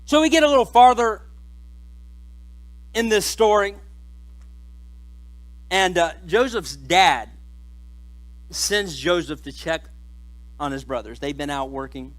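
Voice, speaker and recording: A man's voice: on the high side, expressive, slow pace, long pauses, rough recording. A man preaching a sermon in church, telling the story in a casual, joking way. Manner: conversational and joking. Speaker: pastor.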